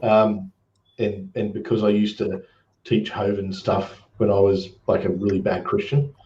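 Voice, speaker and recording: A man's voice: on the low side, little pitch movement, a little slow, a little mellow. Australian male host, casual jokey chat, roomy dull-sounding mic.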